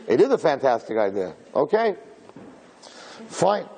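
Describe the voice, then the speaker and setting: A man, a rabbi, teaching a Torah class to a live audience as an animated storyteller who repeats words and climbs to shouts at the story's peak. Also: on the high side, slow pace, long pauses, slightly rough. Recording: hall reverb.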